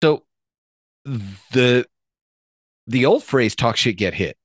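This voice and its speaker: Wisecracking man with a lively voice. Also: mid-range voice, slow, breathy edge, no echo, studio quality. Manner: wisecracking, profane. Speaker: podcast co-host. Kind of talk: casual chat.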